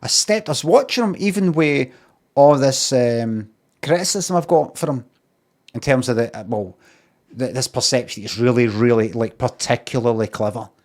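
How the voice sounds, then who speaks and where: A man's voice: mid-range voice, moderate pace, darkish tone. A Scottish man streaming, talking in a rambling, sweary way with lots of ums and uhs. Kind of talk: casual rambling monologue.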